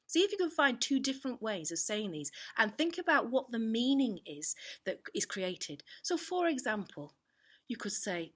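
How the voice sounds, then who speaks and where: A woman teaching an online drama lesson, explaining clearly and demonstrating examples with her voice. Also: on the high side, very animated, normal speed, a bit bright. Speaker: performing arts teacher.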